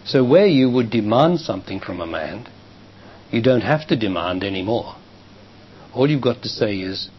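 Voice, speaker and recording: An older man with an Australian accent, a spiritual teacher answering a question from the audience in a calm, emphatic way. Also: lowish voice, moderate pace, long pauses. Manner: calm, emphatic, acts out quoted dialogue. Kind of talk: public talk answering a question. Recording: muffled 1990s live talk tape, faint hiss.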